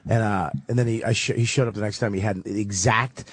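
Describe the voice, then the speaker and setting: A comedian in a radio studio, telling animated, profane stories in casual talk. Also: male voice, on the low side, fast talker, breathy edge.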